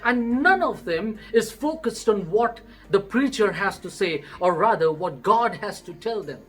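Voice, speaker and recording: A man's voice: high-pitched, animated, a little slow, a bit bright, slightly rough, soft background music, full character voice. A man with an Indian English accent voicing an upset churchgoing woman who insistently complains about her congregation. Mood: complaining.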